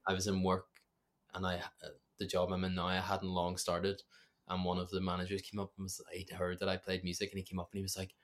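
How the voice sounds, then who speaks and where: A man's voice: sits low, monotone, fast talker. A young man with a Northern Irish accent, a musician chatting casually in an interview, rambling and self-deprecating with many fillers. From Northern Ireland. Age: young adult. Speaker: musician guest.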